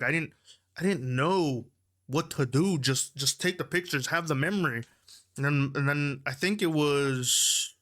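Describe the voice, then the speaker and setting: A young man tells a concert story in a casual vlog, animated and laughing, leaping into high, excited voices when he quotes people. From Houston, Texas. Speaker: concert-going fan.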